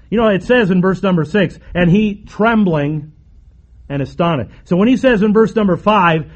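A man preaching a sermon emphatically, with repeated phrases and dramatic pauses. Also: high-pitched, lo-fi sound.

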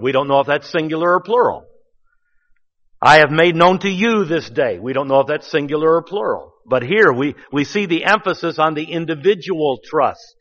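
A man's voice: a little high, animated, moderate pace, a bit bright. A man preaching a sermon as pastor, folksy and explanatory, building to emphatic bursts. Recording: dull sound with long church reverb.

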